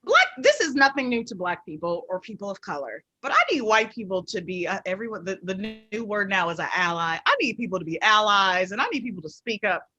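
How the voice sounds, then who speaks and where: A middle-aged woman guest tells a story with a bright, forceful voice and a wide, lively pitch range. She is emphatic and repeats key phrases. The sound is dry and close, with almost no room echo. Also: fairly quick, hardly any pauses, muffled recording. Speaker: author guest. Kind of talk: casual interview storytelling.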